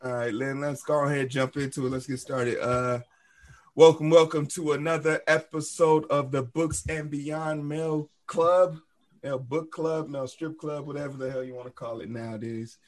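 A man's voice: a little high, fairly even intonation, normal speed. A man hosting a casual book club podcast, joking and teasing his friends while tired after a long shift.

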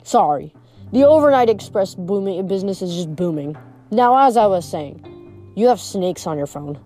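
A woman voicing a sly, relaxed male god who talks in a casual, wry way, reading a storybook aloud. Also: medium pitch, moderate pace, faint music behind, close to an everyday voice.

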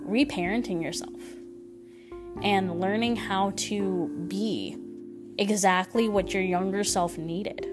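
Gentle woman podcaster over music. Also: mid-range voice. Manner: gentle, reflective and encouraging. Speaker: podcast host. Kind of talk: solo spiritual podcast talk. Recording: voice over clear background music. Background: instrumental music.

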